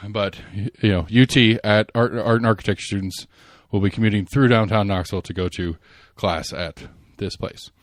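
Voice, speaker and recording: A podcast host chatting casually and rambling about local politics, full of fillers and restarts. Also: male voice, on the low side, fairly even intonation, moderate pace, hardly any pauses, dry recording, clean studio sound.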